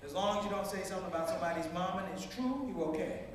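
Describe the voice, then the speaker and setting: A man from Washington, D.C., with an East Coast accent, doing animated stand-up storytelling for a live audience. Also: high voice, rapid-fire. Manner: animated, playful, acts out both sides of dialogue. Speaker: stand-up comedian. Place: university event hall, live audience. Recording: echoey hall, voice from far off, audience noise.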